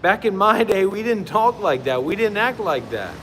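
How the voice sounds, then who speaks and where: A man's voice: high-pitched, big pitch swings, moderate pace, in a large hall, noisy background. A man playing a boastful old-time gunslinger. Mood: swaggering. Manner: swaggering, warning, drawling boasts.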